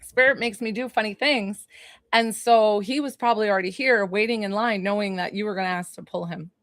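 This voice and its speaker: A woman's voice: medium pitch, brisk, fairly bright tone, dry recording. A woman from New York giving a spiritual reading on a phone livestream, gushing, laughing often and chatting with viewers. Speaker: psychic medium.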